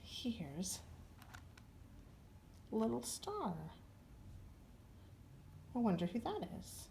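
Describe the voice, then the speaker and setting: Animated woman librarian at storytime. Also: mid-range voice, unhurried, slight background noise. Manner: animated, singsong and encouraging. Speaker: children's librarian. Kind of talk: storytime reading to children. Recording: roomy echo, distant from the mic.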